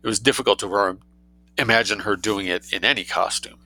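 A man narrating a story aloud in a wry, lively reading voice, adding his own commentary. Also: lowish voice, fairly quick, rough recording. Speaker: reader and commentator.

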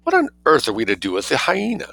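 A man voicing an anxious, fretful young gentlewoman who keeps asking questions, in an audiobook reading. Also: a little high, huge pitch swings, quick pace, vocal fry, voice pushed up, exaggerated voice.

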